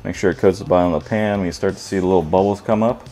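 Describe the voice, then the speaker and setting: A man's voice: sits low, fairly even intonation, rapid-fire, mellow. A man hosting a casual home cooking video, joking and irreverent as he walks through a recipe in his kitchen.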